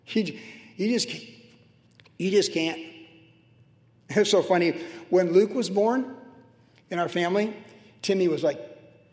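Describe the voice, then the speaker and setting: A man's voice: sits high, a little mellow. A middle-aged man preaching a sermon as pastor, conversational and humorous, with personal asides. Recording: roomy hall reverb.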